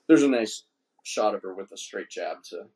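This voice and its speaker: An American man hosting a podcast, brash, excitable and swearing constantly. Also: lowish voice, normal speed. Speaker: podcast host. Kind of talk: casual podcast chat. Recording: roomy room echo.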